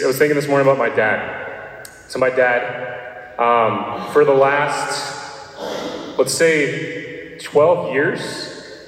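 A priest from Nashville giving a sermon, casual and joking, with many fillers. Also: male voice, medium pitch, a bit bright. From Nashville, Tennessee. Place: church. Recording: echoey church hall.

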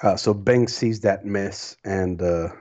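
A man playing a tabletop game, calmly describing his character's actions and rolls. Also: low-pitched, slow pace. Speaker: player. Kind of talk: casual tabletop play.

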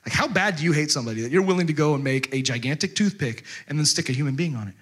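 A man preaching a sermon, retelling a story in a lively, conversational way with casual fillers. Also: a little high, very fast.

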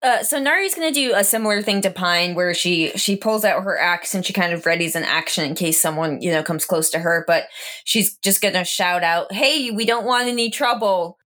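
A woman's voice: on the low side, fairly quick, a bit bright. Matter-of-fact female player. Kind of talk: casual tabletop game play.

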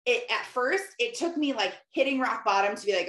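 A middle-aged woman talking casually about faith, rambling and chatty with lots of "like" and quick laughs. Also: fairly high pitch, lively intonation, fairly bright tone. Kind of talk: casual faith-based monologue. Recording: roomy echoey room.

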